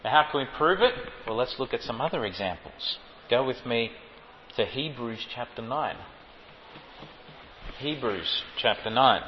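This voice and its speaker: A man's voice: medium pitch, lively intonation, unhurried, long pauses, slight background noise. A man teaching a sermon on Greek Bible wording, stressing and repeating key phrases and quizzing his listeners. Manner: emphatic, repeats key phrases, asks the audience questions. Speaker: preacher. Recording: lo-fi hall recording, long reverb.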